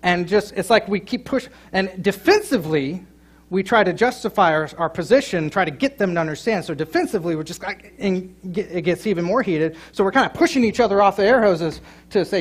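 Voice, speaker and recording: A middle-aged man preaching a sermon, telling a funny story and joking with his congregation, with loud emphatic peaks. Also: sits high, animated, fairly quick. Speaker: pastor. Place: church sanctuary.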